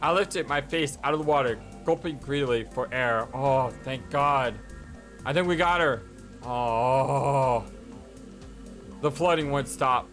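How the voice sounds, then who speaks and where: A let's play host reading a visual novel aloud and reacting in an excitable, stammering way. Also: male voice, a little high, brisk, hardly any pauses, faint music behind.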